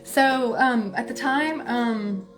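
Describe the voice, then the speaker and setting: Chatty woman with a higher voice. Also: slow pace, music in the background. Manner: chatty, many filler words, soft laughs. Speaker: spiritual reader. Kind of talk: casual storytelling to viewers.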